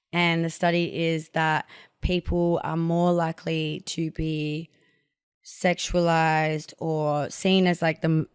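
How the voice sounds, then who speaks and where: A woman's voice: deep voice, smooth, no echo, clean studio sound. A young woman hosting a podcast, talking frankly about her own life in a candid monologue, full of "like" and casual swearing. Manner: frank and blunt, heavy on fillers like "like". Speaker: podcast host.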